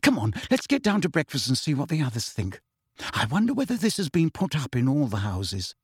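A man reading aloud and voicing a clever, bossy teenage schoolgirl witch with a brisk, prim manner. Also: a little high, wildly swooping pitch, breathy edge, no echo, clean studio sound, exaggerated voice.

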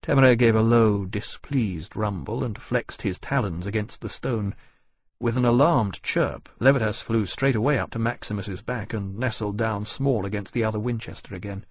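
A man narrates an audiobook in a measured, even manner. His voice sits low with a slightly husky grain. The recording is dry and close to the mic. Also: no echo. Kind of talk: scripted narration.

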